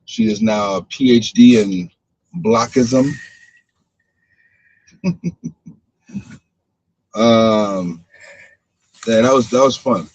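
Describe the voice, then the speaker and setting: A man's voice: mid-range voice, expressive, very slow, pauses often, darkish tone, a little hiss or hum. An older man leading a heated group debate, confrontational and mocking, who repeats himself as he presses his point. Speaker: discussion group leader. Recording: muffled lo-fi livestream audio.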